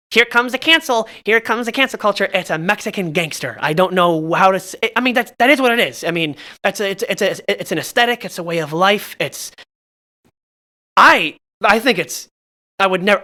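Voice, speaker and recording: Bright, tense-voiced young man rambling. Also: high voice. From Southern California. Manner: halting, full of restarts, self-mocking. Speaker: podcast storyteller. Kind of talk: casual podcast chat.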